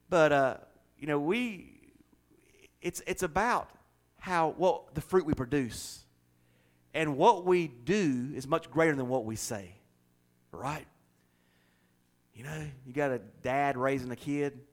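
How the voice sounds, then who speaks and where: A man preaches a sermon, his voice sitting a little higher than most men's. He spins homey anecdotes, acting out the people he quotes, and builds to emphatic, rousing stretches. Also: expressive, unhurried, long pauses. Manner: folksy storytelling, acts out quotes, builds to loud preaching. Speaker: pastor.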